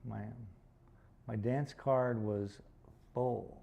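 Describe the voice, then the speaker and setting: A man's voice: mid-range voice, steady tone, extremely slow, vocal fry, dark tone. A man chatting casually on a livestream while he paints, rambling and joking with some swearing. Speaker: painter streaming live.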